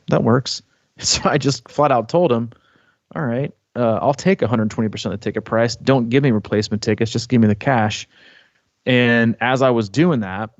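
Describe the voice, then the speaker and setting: A man co-hosting a podcast, telling a long story in casual chat, rambling and animated, full of fillers and restarts. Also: lowish voice, no room sound, lo-fi sound. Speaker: podcast co-host.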